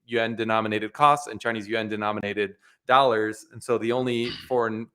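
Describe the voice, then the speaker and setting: A man with a fairly low voice co-hosts a casual investing live stream. He works through his points in a halting way, starting over and filling gaps with small words as he thinks aloud. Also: steady tone, pushed and bright, smooth. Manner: hesitant, full of restarts and fillers. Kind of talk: casual finance chat.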